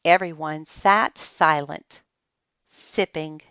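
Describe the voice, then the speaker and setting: A woman reading a children's book aloud in a slow, expressive storytelling manner. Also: low-pitched, clear, resonant tone, no echo, dull audio.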